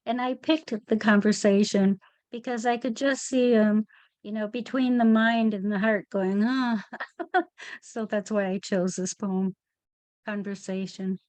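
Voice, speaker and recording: A woman at a tribute, recalling a friend with small laughs and then reading her poem in a measured, unhurried way. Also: mid-range voice, fairly even intonation, darkish tone, dry recording. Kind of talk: speaking then poetry reading.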